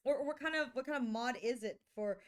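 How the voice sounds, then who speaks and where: A woman's voice: fairly high pitch, quick pace. A sick woman streamer chatting casually and playfully, reading her chat aloud.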